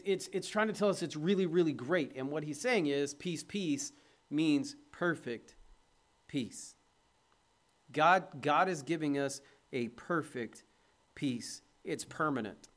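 A man preaching a sermon, emphatic, repeating his phrases and putting questions to the listeners. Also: a little high.

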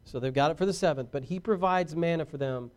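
High-voiced preacher, loud then hushed. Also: male voice, quick pace. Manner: swings between loud exhortation and hushed earnest talk; calls out to the congregation for amens. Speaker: pastor. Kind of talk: sermon.

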